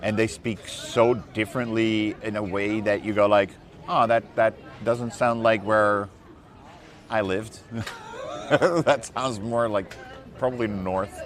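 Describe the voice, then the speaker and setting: A man streaming outdoors on a city walk, chatting casually with a guest and telling stories in an animated way, full of repeated words and laughter. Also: on the low side, slow pace. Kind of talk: casual chat.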